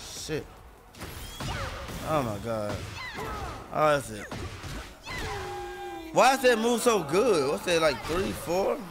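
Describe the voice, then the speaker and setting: Brash trash-talking streamer, high lively voice. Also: male voice, slow pace, pauses often, over music. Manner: brash, profane, taunting. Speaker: streamer playing a fighting game. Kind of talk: trash-talking live gameplay commentary.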